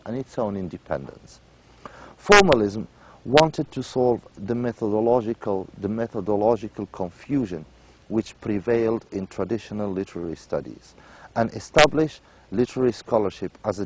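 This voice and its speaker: Male lecturer with a lowish voice, explaining patiently with repetition and filler pauses. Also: a little mellow, poor audio. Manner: explains by repeating points, checks in with "right?"; many "um" and "uh" pauses. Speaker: literature lecturer. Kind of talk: university lecture.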